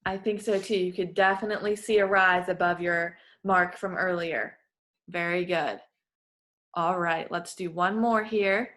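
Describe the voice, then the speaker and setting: A woman's voice: lowish voice, steady tone, measured pace, fairly bright tone. A woman working as a voice clinician, giving patient, encouraging step-by-step instructions in a therapy session.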